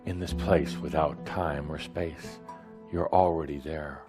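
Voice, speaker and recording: A man as a spiritual teacher giving a guided meditation talk in a slow, measured, reassuring cadence. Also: extremely low pitch, steady tone, music in the background.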